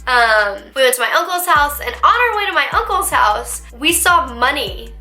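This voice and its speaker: A young woman vlogger telling a dramatic story in a lively, animated way. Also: high-pitched, moderate pace, soft background music. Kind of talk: storytime vlog. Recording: echoey room.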